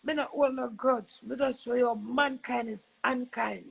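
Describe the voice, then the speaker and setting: In a rough recording, a woman with a Jamaican accent speaks unhurriedly and steadily, her slightly high voice creaky with a breathy edge. On her live stream she mixes patois and English, sounding earnest, preachy and moved as she recovers from illness.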